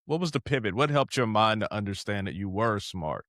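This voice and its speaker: A man's voice: fairly low pitch, animated, fairly quick, a bit bright, no room sound, studio quality. A man hosting a conversational podcast interview, talking casually with many fillers and asking probing follow-up questions. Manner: casual, leans on "you know", asks probing questions. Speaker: podcast host.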